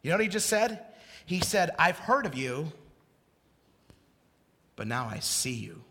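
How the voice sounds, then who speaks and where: Impassioned high-voiced preacher in a reverberant hall. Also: male voice, sing-song, measured pace. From Idaho. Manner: passionate, swings from quiet confession to shouted exclamations. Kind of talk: sermon.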